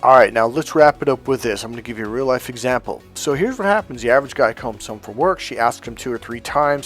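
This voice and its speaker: A middle-aged man teaching dating advice in a casual, blunt way, swearing often and telling animated stories. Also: mid-range voice, quick pace, few pauses, soft background music. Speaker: dating coach. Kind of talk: casual spoken lesson.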